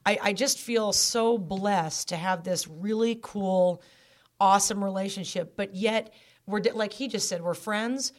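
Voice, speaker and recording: A woman's voice: medium pitch, unhurried. Candid stepmother getting choked up. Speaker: stepmother guest. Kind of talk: emotional interview talk. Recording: podcast.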